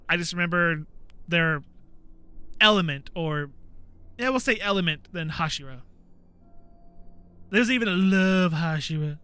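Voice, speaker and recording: A man hosting a gaming channel, chatting casually while he plays and acting out quotes in a high voice. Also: moderate pace, pauses often, pushed and bright, clean tone, no echo. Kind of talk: casual commentary while playing.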